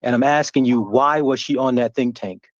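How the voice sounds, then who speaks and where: A man's voice: medium pitch, normal speed, dry recording, muffled recording. A man calling in to a live podcast who cuts in to press a pointed question. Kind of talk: heated live podcast debate.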